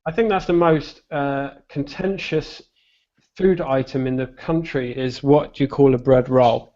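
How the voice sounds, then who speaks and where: A man's voice: medium pitch, steady tone, unhurried, warm tone. A man with a Buckinghamshire accent co-hosting a stream, chatting casually and swearing freely as he tells jokey stories. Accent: Buckinghamshire English. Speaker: stream co-host. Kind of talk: casual chat. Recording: slightly muffled stream audio.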